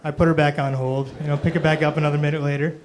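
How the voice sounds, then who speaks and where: A man's voice: a little high, flat delivery, very fast. A young man doing a stand-up comedy set on stage, rambling and self-deprecating, full of "you know" and "um".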